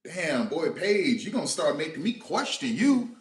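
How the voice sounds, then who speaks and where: A man hosting a live watch-along stream, reacting to the game with animated, slangy outbursts. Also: a little high, moderate pace, roomy sound. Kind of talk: excitable live reaction commentary.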